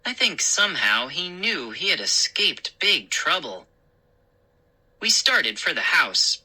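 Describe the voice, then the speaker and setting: A woman reading a children's story aloud in an expressive, unhurried way. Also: deep voice, low-quality recording.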